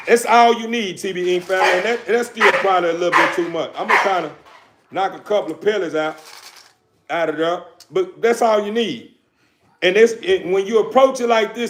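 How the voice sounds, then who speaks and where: A man's voice: high-pitched, reverberant, heavy background noise. A man who breeds dogs hosts his own channel, chatting loosely and repeating himself as he addresses his viewers like family. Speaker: dog breeder and channel host. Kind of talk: casual talk to camera. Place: kennel yard with dogs around.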